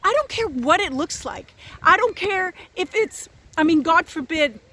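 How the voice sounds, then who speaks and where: High, bright-voiced woman talking intensely. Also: lively intonation, unhurried. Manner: intense and blunt, swears freely, emphatic. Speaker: spiritual vlogger. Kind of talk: unscripted spiritual talk to camera.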